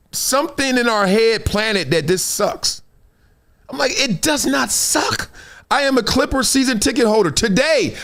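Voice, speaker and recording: A man hosting a live sports talk stream, telling stories with laughs and lots of energy. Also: extremely high pitch. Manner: animated, laughing, storytelling. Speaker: host.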